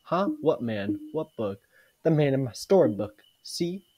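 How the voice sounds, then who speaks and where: A man's voice: medium pitch, very animated, unhurried, warm tone, husky. A man reading the lines of a tired, worried mother in a folksy way, with a mild attempt at a southern voice.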